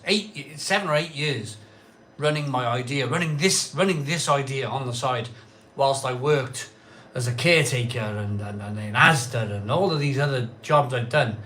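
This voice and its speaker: A man's voice: mid-range voice, a little hiss or hum. A middle-aged man hosting a live craft beer stream, chatting in a rambling, repetitive way, a bit tipsy after a pint or two. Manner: chatty, rambling, repeats himself, loud cheery greetings. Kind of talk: casual live-stream chat.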